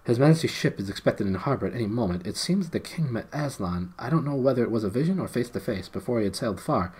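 A man voicing a polite, helpful young male fawn in a storybook, with a gentle courteous manner. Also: medium pitch, animated, fast talker, slightly rough.

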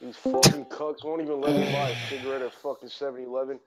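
A man joking around in casual voice chat, animated and profane. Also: mid-range voice, quick pace, loud music behind the voice. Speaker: voice chat participant. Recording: dry, dull lo-fi mic.

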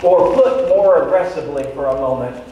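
A man, a pastor, preaching a sermon in a lively way, breaking off for jokes with the congregation. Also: fairly high pitch, brisk, distant mic, dull audio. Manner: lively, joking asides to the congregation. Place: church sanctuary. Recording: echoey church hall, voice from afar, faint noise.

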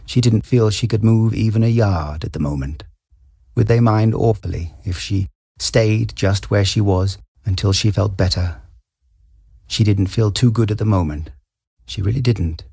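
Low gravelly guy reading a story, husky, dry close sound. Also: normal speed, warm tone, no room sound. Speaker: story reader. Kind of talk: reading a short story aloud.

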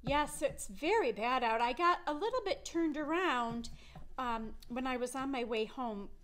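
A friendly, rain-soaked young princess from a puppet storytime, polite and easygoing, as a woman puts her on. She talks casually and a bit slowly, in an ordinary, pleasant voice. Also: high-pitched, expressive, a bit bright, poor audio.

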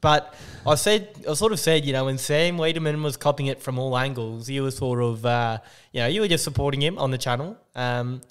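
A man's voice: medium pitch, brisk, clear, resonant tone. Dry-humored Australian man hosting a podcast. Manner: dry, self-deprecating banter. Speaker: podcast host. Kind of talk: casual podcast chat.

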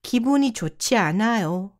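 A woman briskly reading short sentence prompts for a language lesson. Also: mid-range voice, animated. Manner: reads each short prompt once, crisply.

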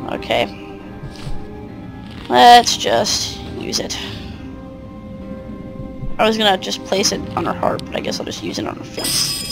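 A woman's voice: mid-range voice, measured pace, vocal fry, long pauses, music in the background, low-quality recording. A woman giving casual let's play commentary, chatty with muttered asides and mild swearing. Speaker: game player.

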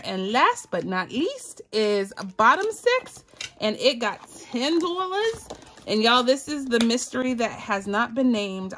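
Brief: giggly Southern woman host, chatty cash-budgeting vlogger, slightly high voice. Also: bright, forceful tone, slight background noise. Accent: Southern American. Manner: bubbly, giggly, talks to viewers as y'all. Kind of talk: casual chatty vlog narration.

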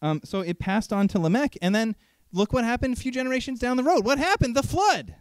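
A man preaching a sermon in an animated, conversational way, asking frequent rhetorical questions. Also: very high voice, brisk, no room sound.

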